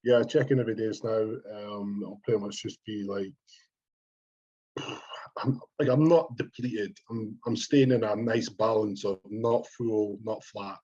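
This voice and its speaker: A man's voice: lowish voice, a little slow, breathy edge. A young Scottish man co-hosting a podcast, chatting casually and swearing freely. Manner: sweary, rambling, quotes himself in lively bursts. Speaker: podcast co-host, bodybuilder. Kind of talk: casual chat. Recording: dull lo-fi sound.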